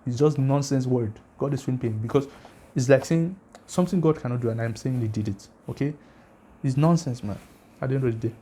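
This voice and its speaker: Mellow-voiced man arguing emphatically. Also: mid-range voice, fairly quick, slightly rough. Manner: emphatic, challenging, rhetorical questions; addresses viewers directly, asks for comments. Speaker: religious channel host. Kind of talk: casual argumentative lecture to camera.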